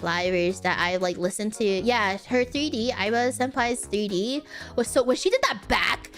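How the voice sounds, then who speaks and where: A woman's voice: on the high side, moderate pace, fairly bright tone, faint music behind. A woman streamer in casual chat who rambles, giggles and keeps correcting herself mid-sentence.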